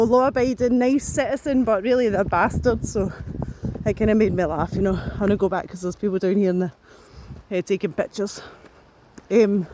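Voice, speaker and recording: A woman's voice: mid-range voice, a little mellow, slight background noise. Breathless woman walking and ranting to her phone, rambly, sweary, lots of restarts. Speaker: vlogger. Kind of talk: casual talk to camera.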